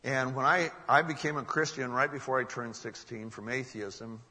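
A male preacher with a bright, forceful voice delivers an earnest sermon. He presses hard on key words and sinks to a hush for the grave parts. His voice rings with a long reverb, as if in a large hall. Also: medium pitch, fairly even intonation, moderate pace. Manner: earnest, emphatic, drops to a hush for solemn moments. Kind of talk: sermon storytelling.

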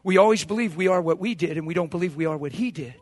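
A man in his fifties preaching a sermon, swinging between shouted exhortation and soft, hushed counsel, acting out the voices of doubters. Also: high voice, fast talker, no room sound. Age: 50s. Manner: acts out quoted voices of doubters.

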